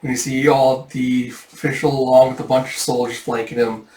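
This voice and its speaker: A man giving a casual, animated readthrough of a comic, retelling each panel. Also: medium pitch, moderate pace. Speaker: manga reader. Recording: echoey room, mic at a distance.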